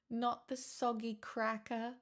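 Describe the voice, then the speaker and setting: A woman's voice: fairly high pitch, flat delivery, slow. A woman streamer in casual chat, rambling and laughing often as she tells stories.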